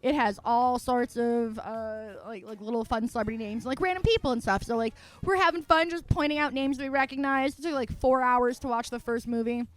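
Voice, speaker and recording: A young woman streamer telling a story in casual chat, animated and foul-mouthed, acting out her own quotes and laughing often. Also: a little high, a little fast, few pauses.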